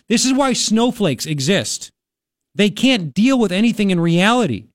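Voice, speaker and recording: A male radio host riffs sarcastically on the news, his voice a touch high and dry in the studio. He swings between mocking asides and animated rants. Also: moderate pace, no echo. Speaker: radio talk show host. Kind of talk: opinionated talk radio.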